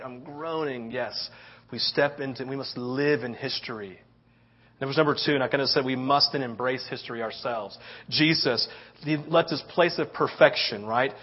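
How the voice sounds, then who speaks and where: A man's voice: mid-range voice, slightly rough. A middle-aged man preaching a sermon, telling a story with lots of "right?" tag questions. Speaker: pastor. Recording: dull lo-fi sound.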